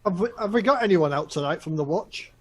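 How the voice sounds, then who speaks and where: A man playing a tabletop role-playing game, talking quickly and eagerly. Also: high-pitched, expressive, slightly rough. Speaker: player. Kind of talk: tabletop role-play chat.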